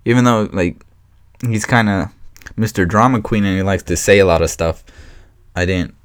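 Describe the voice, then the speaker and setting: A man hosting a solo podcast, chatting casually in a voice that sits a little low. He rambles and gets excited, piling up fillers and restarting his sentences. The recording is dry and close, with no room sound. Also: normal speed, smooth, dry recording. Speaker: podcast host.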